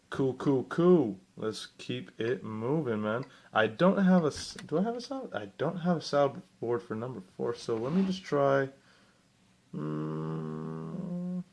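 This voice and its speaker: A man's voice: medium pitch, creaky, slight background noise. A young man hosting a casual video game news vlog, chatty and rambling, often correcting himself and asking viewers questions. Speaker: gaming vlogger.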